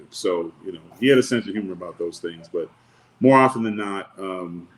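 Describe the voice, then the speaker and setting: A man with a fairly low voice is a guest on a podcast, telling a story from his bodyguard days. He takes it slowly and casually, with a wry, deadpan humor, and acts out the lines of the people in the story. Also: rough recording. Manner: laid-back, wry storyteller who acts out quotes. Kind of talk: storytelling anecdote in casual chat.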